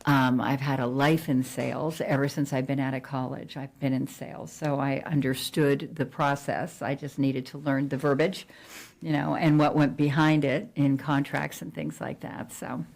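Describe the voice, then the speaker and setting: A woman's voice: extremely low pitch, flat delivery, normal speed, creaky, darkish tone. A middle-aged woman from New Jersey, a real estate agent chatting casually in an interview, with frequent fillers and restarts.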